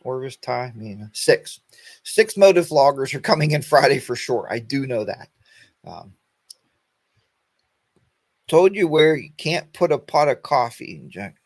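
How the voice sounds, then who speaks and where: A man in his fifties chats casually on his weekend livestream. He rambles in a folksy way and greets his viewers by name. His voice sits at an ordinary pitch and sounds dry and close, with no room echo. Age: 50s. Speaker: host of a weekend motorcycle chat stream.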